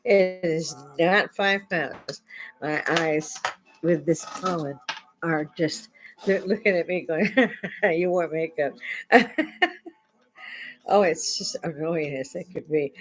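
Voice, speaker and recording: A woman's voice: on the low side, measured pace, pauses often, poor audio. An older woman hosting a casual live-stream chat from home, chatty and laughing often. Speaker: host.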